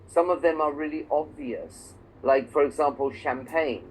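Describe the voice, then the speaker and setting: A man's voice: fairly high pitch, moderate pace, a little hiss or hum, low-quality recording. A man from England teaching a one-on-one English lesson, explaining patiently with examples and checking that his student follows. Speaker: English tutor.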